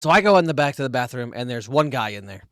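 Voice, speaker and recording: A man on a podcast telling a crude, animated story between laughs in casual chat. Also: mid-range voice, quick pace, dry recording, studio quality. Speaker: podcast co-host.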